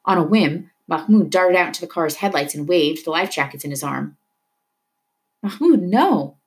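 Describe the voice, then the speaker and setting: A woman reading a novel aloud with steady storytelling narration. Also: low voice, brisk. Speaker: reader.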